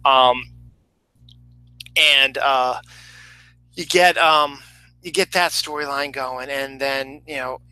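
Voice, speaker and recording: A man's voice: medium pitch, fairly even intonation, slow, pauses often, sharp tone, a little hiss or hum, poor audio. A man giving a casual, rambling film review, full of fillers and restarts.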